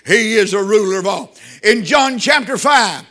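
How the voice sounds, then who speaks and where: Fiery older preacher, high bright voice. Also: male voice, expressive, normal speed, vocal fry. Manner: fervent, shouting bursts of praise. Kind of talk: sermon.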